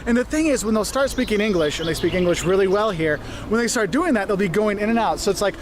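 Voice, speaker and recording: A man, a travel vlogger, presenting outdoors on a city street in a lively, jokey way. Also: sits high, quick pace. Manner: animated, jokey, mimics voices. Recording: street noise and passing traffic. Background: traffic and city ambience.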